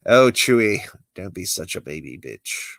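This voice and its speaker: A man voicing a dry-witted exiled Jedi master with a sardonic, lively delivery. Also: deep voice, a little slow, dry recording, exaggerated voice. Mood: wry. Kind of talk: amateur script read-through.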